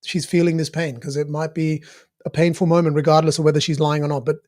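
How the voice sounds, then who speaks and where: High-voiced man breaking down a clip. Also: quick pace. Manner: animated, filler-heavy, restarts, swears casually. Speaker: commentator analysing a played interview clip. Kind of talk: casual spoken analysis.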